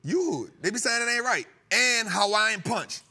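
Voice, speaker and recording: A man's voice: sits high, moderate pace. A male host talking stocks in a loose, joking way, laughing and teasing his crew. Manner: animated, joking, laughing often. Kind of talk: comedic finance talk show.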